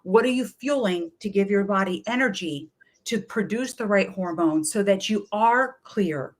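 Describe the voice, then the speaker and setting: A middle-aged woman, a wellness coach, telling lively stories in an interview and acting out what people said to her. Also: medium pitch, moderate pace. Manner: energetic, chatty, often acts out quoted voices. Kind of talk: animated storytelling in a talk-show interview.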